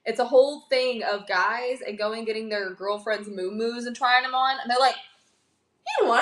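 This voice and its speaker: A woman's voice: a little high, moderate pace, a bit bright, a little hiss or hum. A woman guest chatting casually on a livestream, teasing and laughing as she reacts. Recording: roomy echo.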